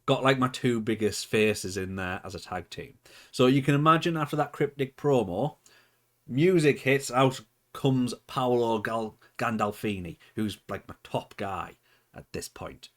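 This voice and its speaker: A man's voice: medium pitch, unhurried. A man casually narrating his wrestling simulation game, chatting and thinking aloud. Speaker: gaming channel host. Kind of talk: let's play commentary.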